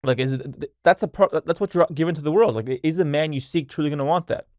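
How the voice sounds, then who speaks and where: Young male podcast host, blunt and profane, slightly high voice, dry close mic. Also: fast talker, a little mellow, no echo. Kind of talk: solo podcast monologue.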